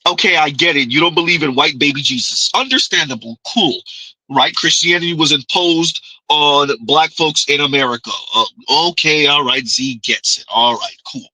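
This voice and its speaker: A man's voice: a little high, normal speed, sharp tone, no room sound, rough recording. A man hosting a livestream, giving mocking reaction commentary with sarcastic repetition and frequent laughter. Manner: sarcastic, laughs often, repeats lines in ridicule.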